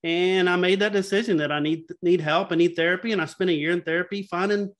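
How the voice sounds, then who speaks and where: A middle-aged man with a notably high voice speaks in a candid panel conversation over a video call. He talks earnestly and openly about personal struggles, in a plain, everyday way. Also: fairly even intonation, fast talker. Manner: earnest, open about his feelings. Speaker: patient advocate panelist.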